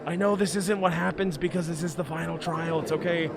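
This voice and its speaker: Sarcastic, high-voiced streamer man. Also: steady tone, a little fast, gravelly, crowd noise. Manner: crude and sarcastic. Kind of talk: let's play commentary. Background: game music.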